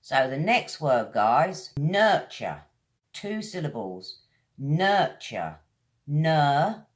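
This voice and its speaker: A woman with a British accent teaching English vocabulary, drawing each word out slowly as she drills its pronunciation. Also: low voice, sing-song. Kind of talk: vocabulary lesson.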